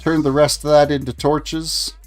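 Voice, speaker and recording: Forties Canadian man, game streamer, chatty running commentary, faint music under him, a touch high-pitched. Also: little pitch movement, moderate pace. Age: 40s. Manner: chatty, answering chat aloud. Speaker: gaming livestreamer. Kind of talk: casual gameplay commentary.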